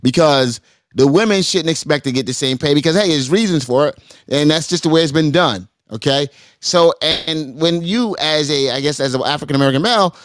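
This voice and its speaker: A man with a fairly high voice hosts a heated talk-show debate. He argues hard and stumbles over repeated words as he pushes his point. The sound is dry and close, with no room around it. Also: no echo. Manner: argumentative, repeats words when interrupting. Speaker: host.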